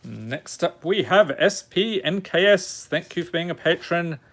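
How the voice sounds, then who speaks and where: This streamer's voice sits a little high and sounds a bit bright, animated yet a little slow. He goes through card names one by one, trading jokes with his viewers in easygoing chat.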